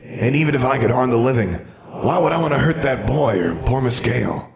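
A man voicing the ghost of an aging wizard in a fantasy audiobook, speaking softly and kindly, trying to placate. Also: medium pitch, animated, a little fast, vocal fry, voice pushed up. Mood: calm, pleading. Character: gentle regretful ghost of an aging male wizard.

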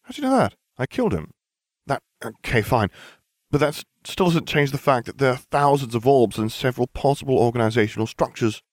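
A man voicing a frantic, studious teenage girl witch, high-pitched and scolding. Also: expressive, a little fast, no echo, close to an everyday voice. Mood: reasoning.

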